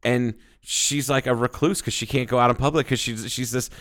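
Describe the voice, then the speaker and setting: A man's voice: mid-range voice, fairly quick. A man from the United States co-hosting a casual comedy podcast, telling stories with lots of swearing and laughter. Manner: animated storyteller, swears freely, laughs often. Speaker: podcast co-host.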